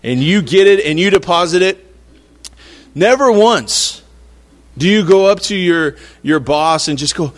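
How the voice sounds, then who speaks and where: A man's voice: high voice, animated, takes it slowly, pauses often. A man preaching a sermon in a conversational, playful way, acting out little quotes to make his point. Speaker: pastor.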